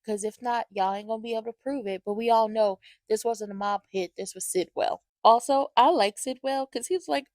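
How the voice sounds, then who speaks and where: A woman's voice: a little high, brisk, few pauses, a little mellow, dry recording. A woman giving an opinionated soap opera recap in a sassy, slangy, ranting way.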